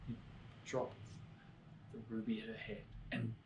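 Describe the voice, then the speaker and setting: A man telling a story to children at church, swinging between lively and hushed delivery. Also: fairly low pitch, unhurried, very noisy.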